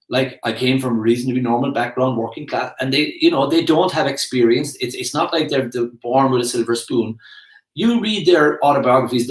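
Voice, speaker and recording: An Irish man in his forties rambles through a casual monologue, chatty and full of self-aware asides. His pitch sits in the middle, and the room around him is echoey. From Ireland. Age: 40s. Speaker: motivational speaker.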